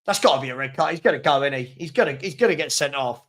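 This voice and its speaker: A man's voice: mid-range voice, fast talker, a bit bright. A man hosting a live football watchalong, reacting to the match and answering viewers' chat with frequent chuckles. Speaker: host of a football fan watchalong.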